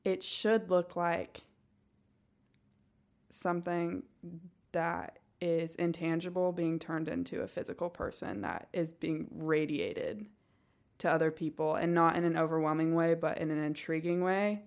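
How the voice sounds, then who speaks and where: In an unhurried, low-sitting voice, she chats casually for a podcast with a Northwest Arkansas accent, often giggling and thinking aloud through lots of fillers.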